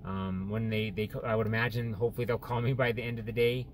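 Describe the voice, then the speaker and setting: Discouraged man, halting personal vlog. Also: lowish voice, little pitch movement, slight background noise. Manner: halting, many restarts and fillers, openly discouraged. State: depressed and tearful. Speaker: vlogger sharing surgery recovery. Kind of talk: personal video diary. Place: in and around a store.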